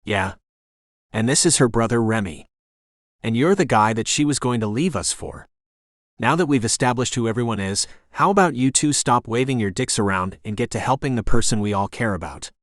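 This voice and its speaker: A male audiobook narrator voicing a blunt, bossy young woman who keeps trying to break up a fight, with a sharp and impatient delivery. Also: mid-range voice, lively intonation, moderate pace, no room sound, clean studio sound, lightly acted. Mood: exasperated. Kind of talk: audiobook character voice.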